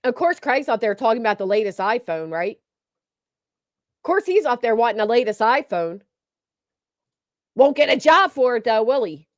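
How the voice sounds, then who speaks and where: A woman's voice: a little high, sing-song, moderate pace, pauses often, no room sound, clean studio sound. A woman giving blunt, mocking, profanity-heavy reaction commentary. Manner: blunt, mocking, swears heavily. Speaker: commentary streamer.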